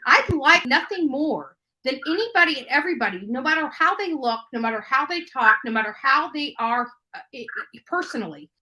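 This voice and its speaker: A woman on a live stream, arguing and defending herself, given to speaking of herself in the third person. Her voice is very high and bright, and it swoops widely as she talks. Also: expressive, a little fast, poor audio. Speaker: YouTube streamer.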